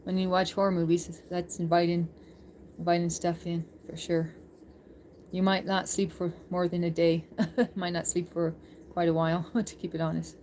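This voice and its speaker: A woman's voice: on the low side, flat delivery, moderate pace, darkish tone, a little hiss or hum. A woman live-streaming, chatting casually with her viewers, laughing often and reading chat aloud.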